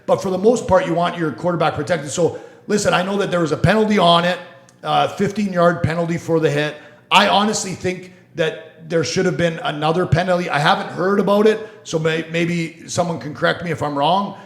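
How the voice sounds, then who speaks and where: Man, lawyer and host, casual sports and law talk, blunt, swears a lot, higher voice, echoey room. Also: brisk, vocal fry. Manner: blunt, swears freely, mocks people in voices.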